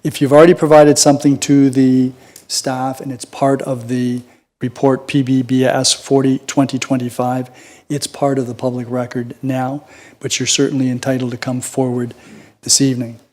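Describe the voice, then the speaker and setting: A Canadian man chairs a council meeting, keeping a polite, formal and measured tone. His voice stays flat and even, with little rise or fall. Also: medium pitch. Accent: Canadian English. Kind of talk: procedural chairing.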